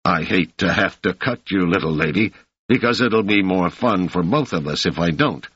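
A man's voice: sits low, animated, normal speed, fairly bright tone, husky, dry recording, exaggerated voice. A man reading an audiobook voices a swaggering male street thug who taunts and mocks his victims. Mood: mocking. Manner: taunting, sneering. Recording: dry, slightly muffled lo-fi audio.

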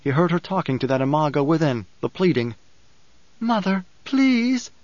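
A man narrating an audiobook in a measured, dramatic reading style. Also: medium pitch, a little mellow, no room sound. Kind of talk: scripted narration. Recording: dull, dry recording.

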